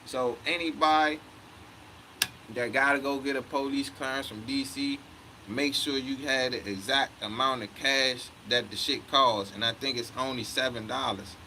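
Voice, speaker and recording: A man's voice: medium pitch, steady tone, normal speed, sharp tone, slight background noise, poor audio. Profane, heated man in his thirties. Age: 30s. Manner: profane, heated, quotes himself a lot. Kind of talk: casual storytelling rant.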